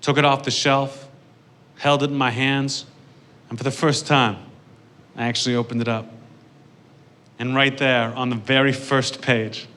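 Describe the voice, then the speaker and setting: A young adult man tells a long stand-up story in a deadpan, dry way. His voice is bright and sits at an ordinary pitch. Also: unhurried, pauses often, clear, resonant tone. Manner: deadpan, dry delivery building to punchlines. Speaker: stand-up comedian.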